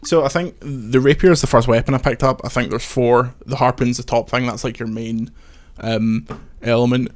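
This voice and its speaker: A young man talks through his gameplay in a relaxed, wry way, tossing out jokes between explanations. His voice sits at an ordinary middle pitch, easygoing and unhurried. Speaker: games video host, playing. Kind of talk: casual let's-play chat.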